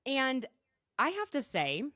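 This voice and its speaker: A woman hosts a podcast in casual, chatty conversation, spinning her recap with quick asides. Her mid-range voice swings widely up and down as she talks. The sound is dry and close, with no room around it. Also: sits high, wildly swooping pitch, bright, forceful tone, dry recording. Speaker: podcast host. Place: podcast recording.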